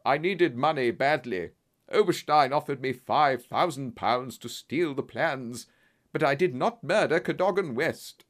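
A man voicing a cornered middle-aged colonel who pleads in high-strung outbursts. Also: expressive, moderate pace, fairly bright tone. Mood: desperate.

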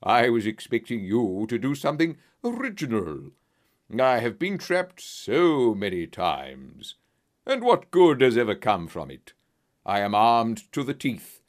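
A man voicing a smooth, menacing middle-aged blackmailer, slow and mocking in a storybook reading. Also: lowish voice. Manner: slow, mocking and falsely sorrowful.

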